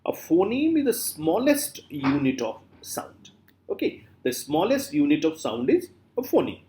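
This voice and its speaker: Lecturing man with a lively pitch. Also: slight background noise. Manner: repeats words slowly to drill pronunciation, many fillers. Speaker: literature lecturer. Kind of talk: classroom lecture.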